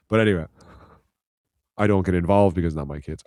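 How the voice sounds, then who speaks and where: Man, from Ireland, podcast co-host, deep voice, rambling casual storytelling, swears, dry sound. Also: brisk, pauses often, a little mellow, no room sound. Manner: rambling anecdote, swears freely, laughs while telling. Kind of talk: casual chat.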